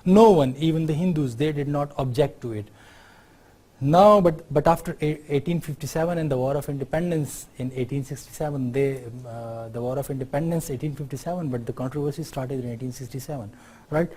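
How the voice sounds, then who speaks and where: Mellow Pakistani man lecturing. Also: fairly high pitch, a little fast. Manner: explanatory, often adds tag questions to check understanding. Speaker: university lecturer. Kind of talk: university lecture.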